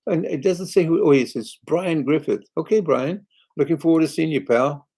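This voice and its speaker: A man's voice: a little high, moderate pace, dark tone, breathy edge, poor audio. An older British man, a singer hosting a live chat, reading viewer comments aloud in a chatty, rambling way. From Britain.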